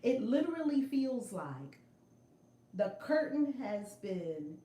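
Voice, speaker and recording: A middle-aged woman telling a story on a casual livestream from a room at home, animated and emphatic, repeating her phrases. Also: a little high, takes it slowly, echoey room. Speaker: spiritual vlogger. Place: home room with altar and shelves. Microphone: phone camera.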